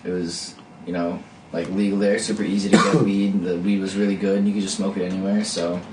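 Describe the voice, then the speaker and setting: A man telling a relaxed story in casual chat, soft-spoken with fillers. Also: low-pitched, fairly quick. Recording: distant, echoey mic with loud background noise.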